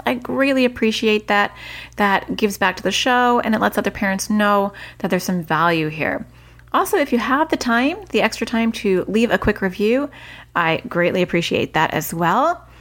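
A woman's voice: medium pitch, fairly bright tone. A woman hosting a solo parenting podcast, giving earnest advice in a chatty way and correcting herself as she goes. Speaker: parenting coach and podcast host.

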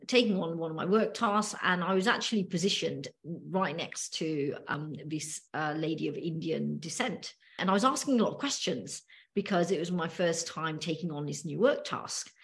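A woman with a British accent and a lowish voice talks things through on a podcast. She tells her story in a measured, hesitant way, with plenty of ums along the way. She sounds middle-aged. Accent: British English. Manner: thoughtful, hesitant storytelling with many fillers. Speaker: podcast co-host. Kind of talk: casual podcast discussion.

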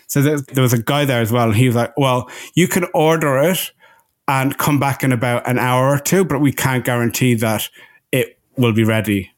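Young man telling an animated rant. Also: mid-range voice, brisk. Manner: animated storytelling with voiced quotes. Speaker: podcast co-host. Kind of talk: casual chat.

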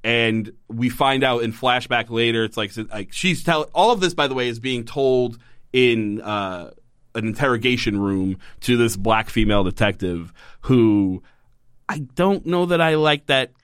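A man's voice: medium pitch, a little slow, clear, resonant tone, no room sound. Chatty man rambling through a show recap. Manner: rambling, animated retelling with put-on quotes. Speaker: podcast co-host. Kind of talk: casual chat recapping a TV show.

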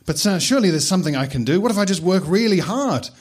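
A high, whiny young wizard reject who keeps begging desperately, as a man puts him on. He sounds anxious and pushes his voice well up to plead. It is a comic storybook figure. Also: lively intonation, quick pace, husky.

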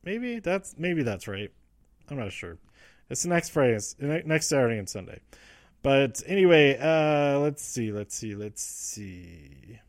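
A man hosting a casual, rambling recap show from a quiet home room, full of fillers and restarts. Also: mid-range voice, sing-song, no echo. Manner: rambling, frequent fillers and restarts, quotes wrestlers in quick asides. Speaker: podcast host recapping wrestling.

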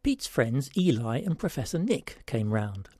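A man's voice: medium pitch, big pitch swings, unhurried, a little mellow, breathy edge, no echo, clean studio sound. A man hosting a word-puzzle segment, reading a story aloud and explaining, in a playful way.

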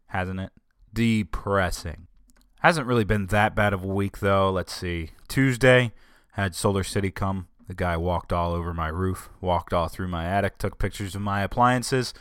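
A man's voice: sits low, fairly bright tone, no echo, clean studio sound. A man hosting his own podcast, talking casually and rambling, griping about his week with wry humor. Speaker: podcast host. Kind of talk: casual solo podcast talk.

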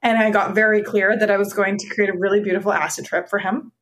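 Woman therapist chatting, earnest, thinks out loud, keeps restarting lines. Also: medium pitch, flat delivery, fast. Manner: earnest, reflective, with frequent restarts. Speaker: psychotherapist. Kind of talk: conversational storytelling.

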